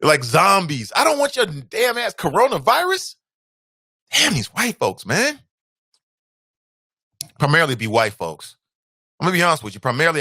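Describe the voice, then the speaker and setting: A man hosting his own talk show, delivering a casual, emphatic monologue full of asides that breaks into loud, high-pitched outbursts. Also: no echo, studio quality. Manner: conversational asides and fillers.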